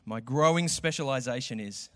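A man's voice: mid-range voice, moderate pace, a bit bright. A man preaching a sermon in a church, conversational and acting out quotes. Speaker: pastor. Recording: echoey hall with long reverb.

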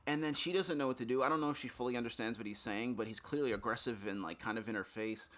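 Bright-voiced man telling a story. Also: medium pitch, fast. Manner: animated, swearing, lots of fillers. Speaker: podcast co-host. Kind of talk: casual storytelling.

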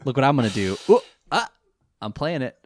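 A man's voice: mid-range voice, rapid-fire. A man co-hosting a casual chat podcast, recapping an episode with frequent laughter and goofy character voices. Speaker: podcast co-host.

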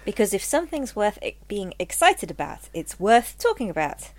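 A woman's voice: medium pitch, very animated, moderate pace, no echo. A woman co-hosting a podcast, bantering playfully and enthusiastically. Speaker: podcast co-host. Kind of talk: casual chat.

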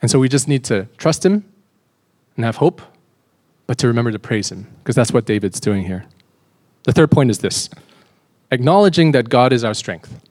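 A male pastor delivering a sermon in an earnest, unhurried way. He stumbles and repeats words now and then, and his voice lifts with emphasis on scripture readings. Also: mid-range voice, animated, a little mellow.

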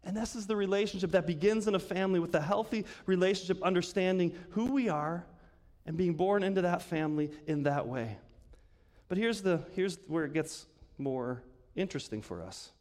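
A man's voice: high voice, brisk, a little mellow. Man, pastor, conversational sermon, asks questions, laughs often, reverberant church hall. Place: church sanctuary.

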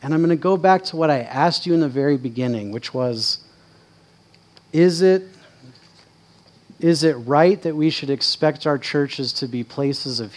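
A man preaching a conversational sermon at a church service, casual and direct, with quick asides. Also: mid-range voice, a little mellow.

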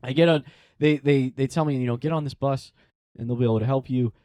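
Recorded dry, this young man speaks fast at a medium pitch. He's a priest recounting something from his own life in a casual interview, lively and full of "like" fillers as he acts out the voices he quotes.

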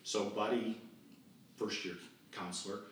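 A man in his sixties, appearing as a podcast guest, tells a childhood camp story in a storytelling interview, animatedly acting out the voices of the people involved. His voice is fairly low and unhurried, heard through a distant, echoey remote recording with faint noise.

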